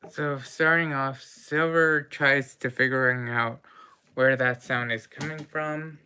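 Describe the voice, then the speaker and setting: Very low-voiced, slow woman game master. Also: fairly even intonation, sharp tone, a little hiss or hum. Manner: halting, with frequent pauses and restarts. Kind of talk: narrating a tabletop game.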